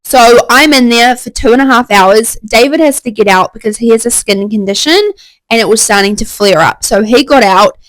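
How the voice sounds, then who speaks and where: A young woman excitedly telling a candid story in a casual, chatty way. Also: fairly high pitch, normal speed, no room sound, low-quality recording. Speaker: vlogger.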